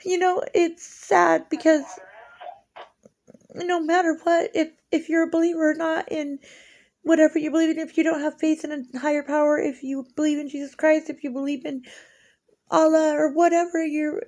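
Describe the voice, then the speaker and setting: A woman's voice: high voice, flat delivery, moderate pace, a little mellow. A woman in her forties rambling emotionally through a casual vlog monologue. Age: 40s.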